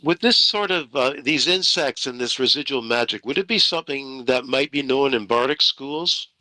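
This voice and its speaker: A man's voice: mid-range voice, normal speed, pushed and bright, no room sound, low-quality recording. A man playing a tabletop game, chatty and curious. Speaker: player.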